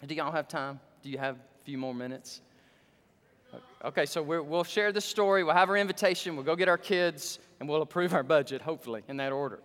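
A male pastor preaching a sermon, his voice surging up for emphasis and dropping low. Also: a little fast, a bit bright. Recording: long hall reverb.

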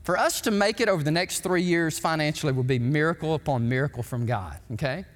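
A male pastor, preaching an emphatic, animated sermon in a church sanctuary. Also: fairly high pitch, quick pace. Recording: long hall reverb.

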